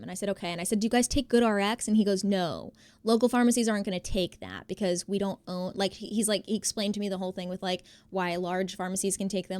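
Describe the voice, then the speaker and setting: A young woman, streaming live and telling a story to her chat, acting out the quotes in an animated, exasperated way. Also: mid-range voice, no room sound.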